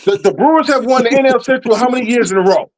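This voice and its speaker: A man's voice: very high voice, quick pace. A man co-hosting a podcast, ranting in exasperation about sports, swearing and then apologizing. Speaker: podcast co-host. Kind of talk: heated sports debate.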